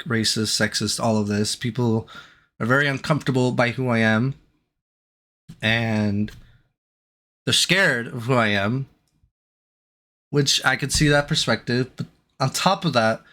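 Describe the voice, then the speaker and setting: A male streamer giving a hesitant, halting apology, full of restarts and fillers. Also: mid-range voice, a bit bright.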